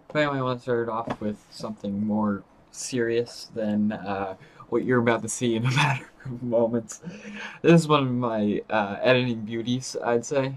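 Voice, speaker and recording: A man's voice: medium pitch, rough recording. Giggly stammering young gamer guy. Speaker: gaming channel host. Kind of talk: casual gameplay commentary.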